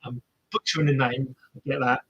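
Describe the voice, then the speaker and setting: A man's voice: medium pitch, fairly even intonation, fairly quick, creaky, slightly rough, highs cut off. A man commentating casually on a marathon live for viewers, chatty and self-mocking as he cheers the runners on. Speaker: live race watch-along streamer.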